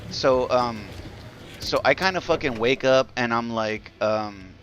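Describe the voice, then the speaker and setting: A man's voice: medium pitch, measured pace, a bit bright, slight background noise. Rambling, profane male game streamer. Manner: rambling, profane, many fillers and restarts. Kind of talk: casual storytelling while live-streaming a game.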